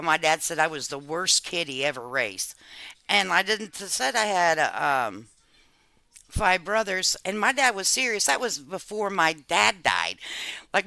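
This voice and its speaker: Brash, lively-voiced woman streamer. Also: lowish voice, clear, resonant tone, dry recording. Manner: brash, profane and joking; calls people honey. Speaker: live-stream commentary host. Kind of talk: casual live-stream chat.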